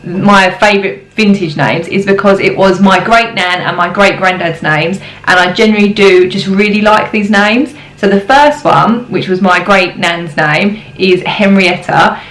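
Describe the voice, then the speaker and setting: A woman's voice: medium pitch, a little slow, a bit bright. A young woman, a mother, chatting casually to camera with frequent ums and little giggles. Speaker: parenting vlogger. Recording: roomy echo.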